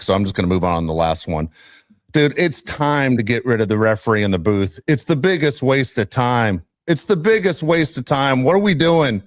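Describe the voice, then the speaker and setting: A man's voice: medium pitch, no echo. Male podcast co-host, exasperated rant, dry close sound. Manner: loud, exasperated ranting. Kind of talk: casual sports podcast rant.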